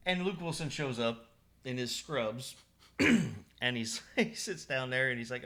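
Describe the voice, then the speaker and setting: A man's voice: mid-range voice, lively intonation, normal speed, vocal fry, a bit bright. A man co-hosting a casual podcast, rambling through movie scenes, laughing often and quoting lines. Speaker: podcast co-host. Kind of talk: casual chat.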